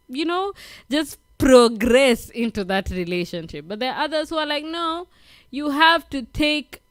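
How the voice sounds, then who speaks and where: A woman's voice: medium pitch, clear, resonant tone, no room sound, clean studio sound. A woman with an African accent hosting a late-night radio talk show, giving relationship advice in a chatty way, laughing often and asking "right?". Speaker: radio host. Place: radio studio.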